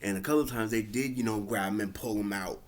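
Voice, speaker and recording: A man with a lowish voice talks fast as he casually recaps and reviews a wrestling show. He rambles, uses lots of fillers, and acts out quotes.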